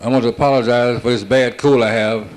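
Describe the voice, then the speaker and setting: A man doing a stand-up comedy routine, rattling off one-liners built on quick "I said, she said" exchanges. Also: medium pitch, fairly even intonation. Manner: rapid-fire joke telling with "I said, she said" setups.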